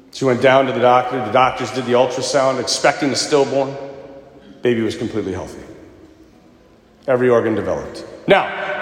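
A man, a priest, preaching a sermon and telling stories in an animated way, acting out the voices of the people in them. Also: mid-range voice, reverberant, in a large hall.

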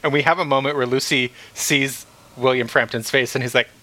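A man hosting a casual book discussion, retelling the plot in an animated way with frequent laughs and some swearing. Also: medium pitch, fairly quick, heavy background noise. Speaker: podcast host.

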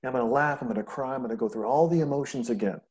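A man talking casually on a podcast, rambling and animated as he tells stories and swears freely. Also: medium pitch, rapid-fire. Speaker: podcast host. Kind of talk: casual conversation.

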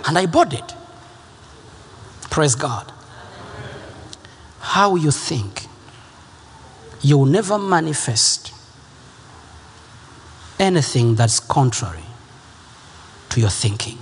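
A man preaching a sermon, emphatic and repetitive, rising at times to shouts. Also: on the high side, lively intonation, slow, pauses often, long reverb tail, slight background noise.

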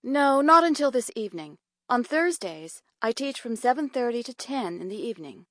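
An actress playing a friendly wife and teacher who answers the phone in a scripted language-lesson dialogue. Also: female voice, on the high side, very animated, moderate pace, a bit bright, no room sound, clean studio sound. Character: young wife and evening teacher.

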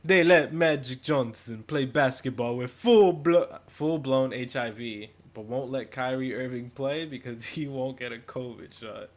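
A man doing a loud mock Italian accent. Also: medium pitch, measured pace, hardly any pauses, natural voice. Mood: mock-serious.

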